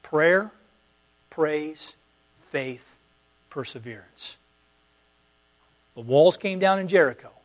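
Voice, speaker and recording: Man preaching a sermon, soft to emphatic. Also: medium pitch. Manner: preacherly, repetitive exhortations swinging from quiet to emphatic. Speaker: pastor.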